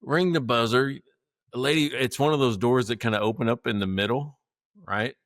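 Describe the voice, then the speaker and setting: A man co-hosting a podcast, telling a story in a casual, animated way, acting out what people said and laughing often. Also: mid-range voice, moderate pace, no echo, clean studio sound. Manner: animated, acts out quotes, laughs often, swears. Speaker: podcast co-host.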